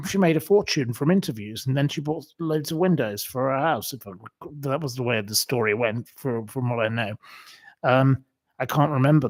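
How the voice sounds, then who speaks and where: This is a man from England chatting away on a home livestream, drifting from one story to the next. His voice sits at a medium pitch, full of ums and half-started sentences. The sound is dry and close, with no room echo. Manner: chatty, digressive, many ums and restarts. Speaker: livestream host. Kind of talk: rambling casual livestream chat.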